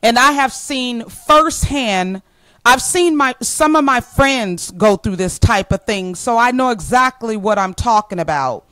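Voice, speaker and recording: A woman's voice: on the high side, lively intonation, unhurried, a bit bright, no echo, poor audio. A woman in her forties giving an earnest motivational talk straight to her listeners, stressing points by repeating them. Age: 40s. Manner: emphatic, repeats key phrases for stress; addresses listeners as ladies, earnest and plainspoken. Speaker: motivational speaker. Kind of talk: direct-to-camera motivational talk.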